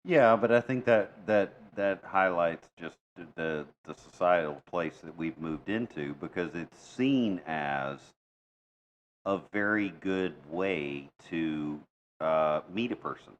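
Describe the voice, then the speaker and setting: A man co-hosting a podcast in casual chat, thinking aloud and making measured points with frequent restarts. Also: deep voice, muffled recording, slight background noise. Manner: reflective, makes measured points with repeated restarts. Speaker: podcast co-host.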